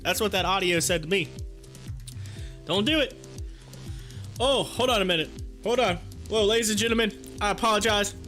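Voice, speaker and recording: A man's voice: high-pitched, normal speed, long pauses, bright, forceful tone, faint music behind. A man hosting a stock market livestream in casual chat, joking and laughing often while eating as he talks.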